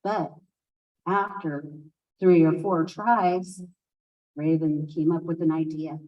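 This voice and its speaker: A woman telling a traditional folk tale aloud at a conference, unhurried and expressive, with asides to listeners. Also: deep voice, far from the mic, muffled recording. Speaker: storyteller speaking at a conference. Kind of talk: oral storytelling of a folk tale.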